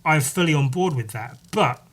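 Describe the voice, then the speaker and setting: A man hosting a solo podcast, rambling in casual chat, swearing freely and filling pauses with "like" and "um". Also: on the high side, lively intonation, a bit bright, slightly rough. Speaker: podcast host.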